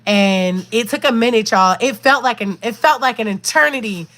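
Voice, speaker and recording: A woman's voice: fairly high pitch, moderate pace. A woman, a doula, earnestly telling her viewers a heartfelt birth story and often calling them "y'all". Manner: earnest, repeats "y'all", animated retelling. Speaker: doula and vlogger.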